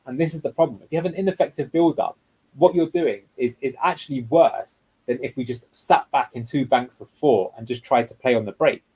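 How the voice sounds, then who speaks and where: The speaker is a man with a medium-pitched, warm voice that has a breathy edge. Acting as a guest football analyst, he walks through match clips step by step in a tactical breakdown, explaining as he goes. It's a low-quality recording.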